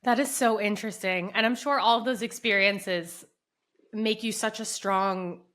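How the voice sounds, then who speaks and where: A woman's voice: mid-range voice, normal speed, a bit bright. A woman hosting a career interview, speaking in an encouraging, enthusiastic way. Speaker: podcast host, interviewer. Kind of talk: casual interview conversation.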